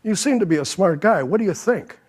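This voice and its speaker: Older male panelist, somewhat high voice, anecdotal storyteller who quotes others. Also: animated, a little fast, darkish tone. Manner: anecdotal, quotes others, chuckles at his own stories. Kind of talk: panel talk, telling anecdotes.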